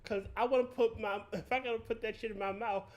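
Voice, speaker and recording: A man's voice: sits high, steady tone, quick pace, lo-fi sound. A man bantering on a gaming stream, telling a crude joke loosely and laughing. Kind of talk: casual banter while gaming.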